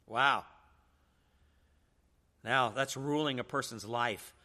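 A man's voice: mid-range voice, slow pace, pushed and bright. A man teaching a church seminar in a preaching style, emphatic and full of rhetorical questions.

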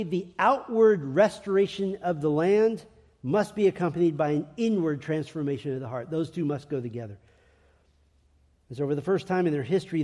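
A man with a fairly high yet mellow voice delivers an emphatic sermon from the pulpit. He leans into key phrases, slowing down and repeating them for weight. His words ring out with the long reverb of a large church hall. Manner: emphatic preaching with slow, stressed repetitions. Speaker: pastor.

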